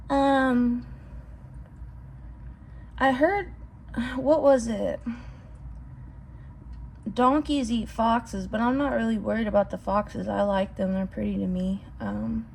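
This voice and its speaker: A young woman vlogging casually outdoors, rambling and excitable, swearing casually and calling her viewers bro. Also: a little high, creaky, slight background noise. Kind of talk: casual vlog talk to viewers. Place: outdoors at home.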